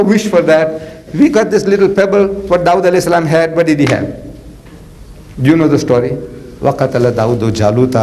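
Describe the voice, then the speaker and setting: An older man with a South African accent delivers a lively storytelling lecture. He is colloquial and theatrical, leaning on casual asides as he talks. His voice sits somewhat high for a man. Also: low-quality recording. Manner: colloquial, theatrical, punctuates with "man" and "you know". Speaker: Islamic preacher.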